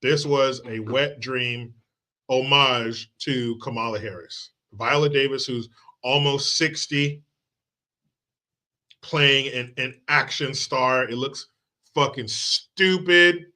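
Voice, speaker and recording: Speaking slowly in a medium-pitched voice with a steady tone that sounds pushed and bright, a man hosts a live political commentary stream. He keeps it loose, profane, and sarcastic, reading chat aloud and throwing in movie quotes.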